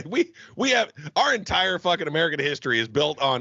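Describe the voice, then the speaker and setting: A man co-hosting a podcast, with a husky but bright, sharp tone and a lively, up-and-down delivery. He laughs and curses freely through casual banter. The recording is dry and a bit dull and lo-fi. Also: a little high, normal speed, no room sound. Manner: loud, laughing, swearing a lot. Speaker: podcast co-host.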